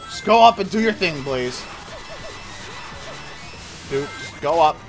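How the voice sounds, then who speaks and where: Young guy ranting at a video game, high lively voice, slow and gravelly. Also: faint music behind. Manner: exasperated, yelling at the game. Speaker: gaming channel host. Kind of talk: gameplay commentary.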